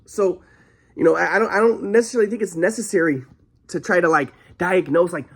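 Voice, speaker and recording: A man's voice: high-pitched, lively intonation, quick pace, vocal fry. Guy ranting about his past, swears a lot, keeps restarting, echoey room. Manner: agitated, profane, repeats and restarts himself. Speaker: vlogger telling his own story. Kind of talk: rambling personal monologue.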